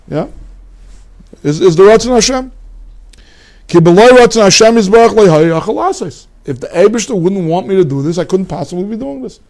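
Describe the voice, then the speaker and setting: A man's voice: on the high side, a little fast, dark tone. A man, teaching a Torah lecture as a rabbi, emphatic and full of rhetorical questions.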